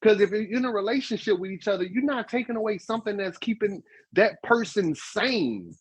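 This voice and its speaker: Emphatic man with a husky voice. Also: high voice, fairly quick, no echo, low-quality recording. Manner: animated, emphatic, repeats "guess what". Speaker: podcast co-host. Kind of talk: casual advice talk.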